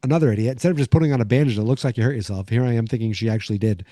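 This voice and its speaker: Dark-voiced man rambling through a recap. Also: mid-range voice, racing, dry recording, studio quality. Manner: rambling, many fillers and restarts. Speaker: podcast host. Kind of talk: casual episode recap.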